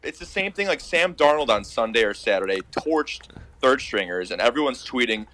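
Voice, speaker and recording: A man's voice: medium pitch, animated, moderate pace, bright, forceful tone, slight background noise. A man co-hosting a casual sports chat, arguing his points emphatically and swearing freely. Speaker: podcast co-host.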